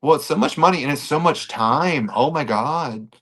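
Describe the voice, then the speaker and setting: A man's voice: fairly high pitch, moderate pace, a bit bright. A man co-hosting a podcast in casual chat, sassy and playful. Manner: sassy, playful, breaks into sound effects. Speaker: podcast co-host.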